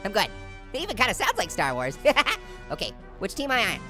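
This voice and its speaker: A man's voice: high-pitched, wildly swooping pitch, quick pace, loud music behind the voice. A man voicing a wisecracking, goofy talking orange that makes puns and cackles while playing a game. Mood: playful. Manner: cackling, pun-making, jokey. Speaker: let's play host. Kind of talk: let's play commentary.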